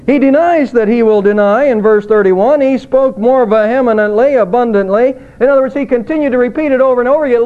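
Male preacher, earnest and emphatic, high-pitched, lo-fi phone-quality recording. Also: brisk, few pauses. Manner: earnest preaching, emphatic rises on quoted words. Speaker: pastor. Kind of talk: sermon. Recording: tinny phone-like audio.

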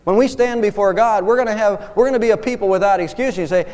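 A male pastor delivers a sermon in a high, lifted voice, climbing even higher as he presses his points. His words ring out with the long reverb of a church sanctuary. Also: fast talker, few pauses. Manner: impassioned preaching, voice rising on key points.

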